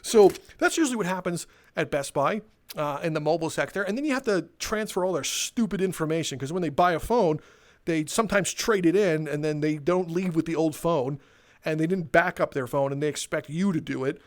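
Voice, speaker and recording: A young man delivers a sarcastic, exasperated, swear-filled comedic rant while walking around on a kind of walking tour. His voice is a little high and fairly quick.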